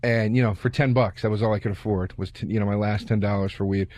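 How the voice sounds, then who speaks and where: A man's voice: lowish voice, fairly even intonation, fast, darkish tone, dry recording. A man co-hosting a comedy podcast in casual chat, telling loose anecdotes with easy laughter.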